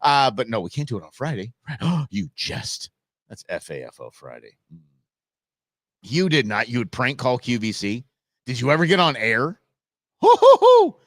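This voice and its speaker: A man's voice: mid-range voice, very animated, normal speed, bright, forceful tone, no room sound, studio quality. A man hosting a live show, chatting casually, laughing often and reacting to viewer comments. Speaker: livestream host. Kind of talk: casual live-stream chat.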